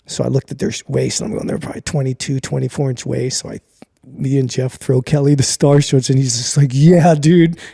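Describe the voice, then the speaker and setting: A man in his sixties from California, telling stories in a casual interview, animated and often acting out other people's voices. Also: mid-range voice, a little fast, gravelly, slightly rough, dry recording, studio quality. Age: 60s. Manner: animated, acts out quoted voices, laughs often. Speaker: interview guest. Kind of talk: casual storytelling.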